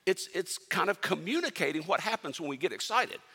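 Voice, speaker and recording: A pastor preaching a sermon, telling a Bible story with animated swings between loud and hushed delivery. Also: male voice, high voice, brisk, vocal fry, slightly rough. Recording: long hall reverb.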